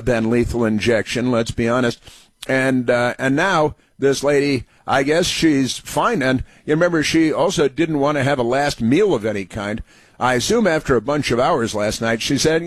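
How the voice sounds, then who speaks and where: A man's voice: medium pitch, moderate pace, no room sound. A man giving a sarcastic political commentary monologue, reading headlines aloud and mocking them, with many fillers and restarts. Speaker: commentary show host.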